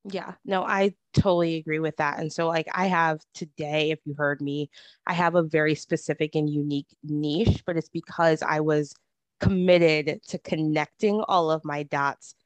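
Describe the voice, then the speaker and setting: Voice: medium pitch, steady tone, normal speed, no echo. A podcast host talking casually with a guest, chatty with many filler words. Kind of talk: podcast interview conversation.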